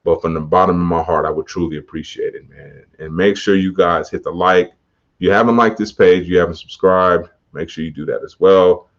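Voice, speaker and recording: A man's voice: sits low, fairly even intonation, brisk. A man hosting his own podcast, talking casually and motivationally in slang, often laughing. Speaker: podcast host. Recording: dull muffled podcast audio.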